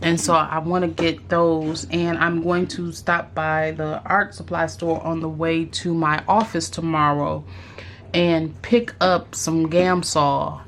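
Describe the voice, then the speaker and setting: Woman, craft vlogger, low and unhurried, thinks aloud, faint room hum. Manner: musing aloud, with fillers and restarts. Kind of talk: casual unboxing chat.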